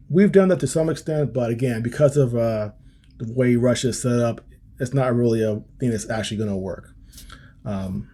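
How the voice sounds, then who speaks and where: This podcast host from the United States has a warm, mid-range voice with a slightly rough edge. Reading a policy paper aloud on his political show, he riffs on it casually, frequently restarting, saying um, and tossing in wry asides.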